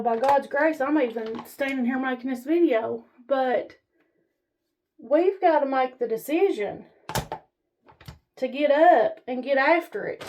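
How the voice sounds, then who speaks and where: A woman's voice: high-pitched, a little mellow. A woman vlogger giving a blunt, rambling, folksy motivational talk to her camera, standing as she films herself. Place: standing while filming herself.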